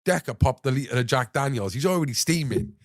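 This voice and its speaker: A man's voice: medium pitch, animated, a little fast, dry recording. Guy telling a messy story on a podcast, swears loads, keeps saying you know what i mean, dead dry close sound. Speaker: podcast guest. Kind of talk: casual anecdote telling.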